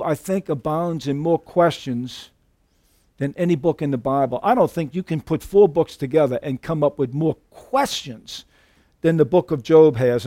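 High-voiced animated man preaching. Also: no echo, studio quality. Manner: animated preaching, folksy asides, frequent self-restarts. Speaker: pastor. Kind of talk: sermon.

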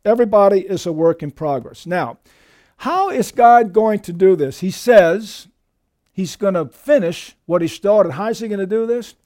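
A man preaching a sermon as pastor, emphatic and lively, often calling his listeners dear friends. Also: normal speed. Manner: emphatic preaching with lively shifts in pitch and volume.

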